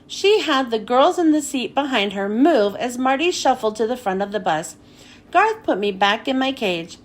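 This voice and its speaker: A woman with a high, lively voice reads a children's book aloud at a moderate pace. Her storytelling is animated and expressive, her pitch constantly on the move.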